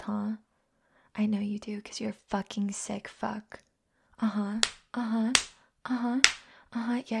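A woman's voice: mid-range voice, gravelly, very noisy, close to an everyday voice. A woman playing a scornful, domineering young woman in a whispered role-play, harsh and mocking. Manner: harsh, mocking, profane, slow taunting.

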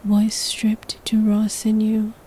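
A woman's voice: medium pitch, completely flat delivery, takes it slowly, mellow, a little hiss or hum, poor audio. A woman narrating a sensual story in the second person, in a whispered role-play.

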